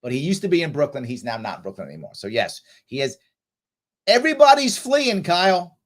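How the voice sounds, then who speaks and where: A New York man hosts a political livestream, reading chat comments aloud and answering bluntly, sometimes scolding a commenter heatedly. His voice is a little high, with huge pitch swings and a brisk pace.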